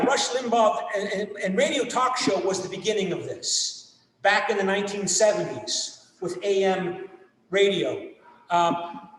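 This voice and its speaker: A man in his sixties giving a lecture over a video class, animated and asking the students rhetorical questions. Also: high-pitched. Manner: animated, mock-outraged asides, rhetorical questions. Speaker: teacher. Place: home room on a video class. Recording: echoey distant video-call audio.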